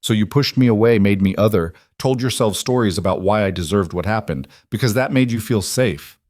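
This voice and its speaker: A man's voice: fairly low pitch, fairly quick, a little mellow, no room sound, studio quality, lightly acted. A man voicing a grieving widow who speaks firmly and pleads, raising her voice. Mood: firm, hurt. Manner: raised voice, pleading then defiant. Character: grieving widow, proud and firm.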